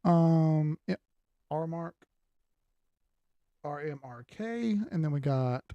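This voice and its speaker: A man's voice: a little high, expressive, slow, clear, resonant tone, no echo, muffled recording. An older man hosting a crypto livestream, talking loosely and with profanity while reading out viewer comments. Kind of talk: casual livestream chat.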